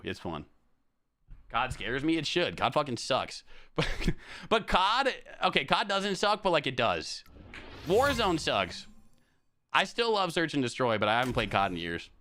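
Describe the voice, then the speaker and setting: A man's voice: medium pitch, bright, forceful tone. A young man chatting casually on a live stream, rambling and swearing, with frequent laughs.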